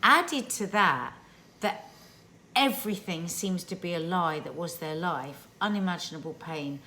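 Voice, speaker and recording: A woman's voice: fairly low pitch, expressive, unhurried, sharp tone. A woman co-hosting a casual TV review chat, chatty and emphatic, sometimes teasing. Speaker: TV review podcast co-host.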